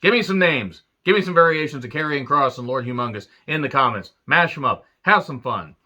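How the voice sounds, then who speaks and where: A man's voice: on the high side, animated, a little fast, pushed and bright. A man ranting through a wrestling show recap with sarcastic crude jokes and frequent swearing.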